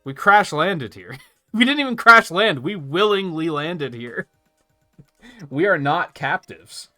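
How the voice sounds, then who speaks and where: A man's voice: a little high, very animated, takes it slowly, bright, forceful tone, soft background music. A male streamer commenting sarcastically on a game as he plays, laughing and swearing casually.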